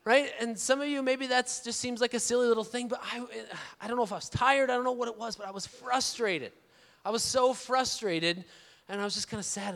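A man, a pastor telling a story in a conversational, animated sermon and asking for amens. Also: sits high, in a large hall. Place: large church auditorium.

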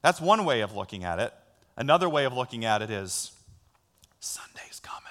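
A man preaching a sermon as pastor, conversational and building to excitement. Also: mid-range voice, quick pace. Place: church sanctuary. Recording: long hall reverb.

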